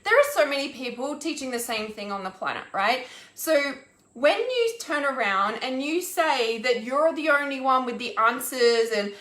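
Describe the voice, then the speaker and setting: A woman's voice: high voice, animated, a little slow, fairly bright tone, echoey room. A woman, an intuitive healer, ranting on a live stream, exasperated and swearing, with lots of restarts and "like". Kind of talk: angry live-stream rant.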